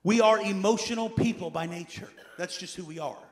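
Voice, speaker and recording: A man preaching a sermon as pastor, emphatic, repeating key phrases and swinging between loud urging and quiet asides. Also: high voice, fairly quick, a crowd in the background.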